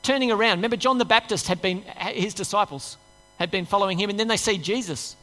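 Male pastor, high bright voice, conversational sermon in a reverberant hall. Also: quick pace, faint music behind. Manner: conversational, acts out inner voices, rhetorical questions.

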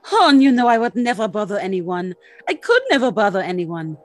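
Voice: medium pitch, moderate pace, voice pushed up, close to an everyday voice. A player doing a sugary, scheming young alien woman. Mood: flattering. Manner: sweet, flattering, performatively cute.

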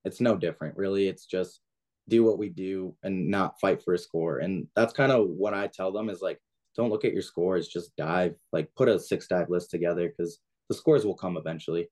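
A young man who works as a diving coach talks casually as a podcast guest, plain-spoken and full of "like" and "kinda." His voice is low and darkish in tone, at a normal speed.

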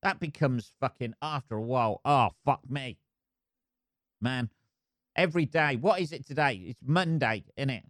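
An Englishman rambles and swears through his own podcast, poking fun at himself along the way in a casual solo monologue. His medium-pitched voice is a bit bright and moves at normal speed, captured in a dry, clean studio recording.

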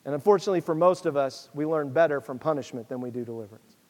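A man's voice: on the high side, rapid-fire, long reverb tail. A man preaching a sermon, reading scripture aloud and then pressing his listeners in a conversational, urgent way. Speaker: pastor.

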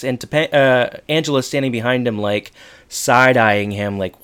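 A man's voice: mid-range voice, clean tone. Chatty man co-hosting a recap podcast. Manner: chatty retelling with quoted dialogue and quick asides. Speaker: podcast co-host. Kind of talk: casual chat recapping a TV episode.

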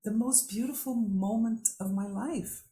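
A woman hosting a podcast, telling a story in a heartfelt, drawn-out way. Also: fairly high pitch, warm tone. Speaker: podcast host. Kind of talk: conversational interview. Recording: echoey room.

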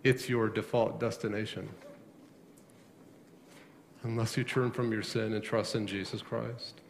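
A man's voice: lowish voice, little pitch movement, unhurried, creaky, a little hiss or hum. A man preaching a sermon as a pastor, asking the congregation questions and answering them himself, often repeating words for emphasis. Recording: long echo of a large hall.

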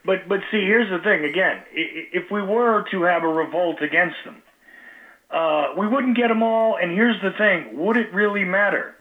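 A man's voice: high-pitched, moderate pace. A man hosting a talk show, speaking casually with many fillers and restarts. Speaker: radio talk show host. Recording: tinny phone-line audio.

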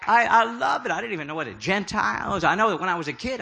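A man's voice: sits high, lively intonation, brisk, few pauses, bright, forceful tone, slight background noise. A middle-aged man preaching a humorous sermon, telling stories with jokey, self-deprecating asides. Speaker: prophetic speaker.

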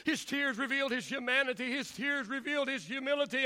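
High, bright-voiced preaching pastor. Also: male voice. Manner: preacher's cadence, repetitive and rising to shouts, drawn-out pauses. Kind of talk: sermon.

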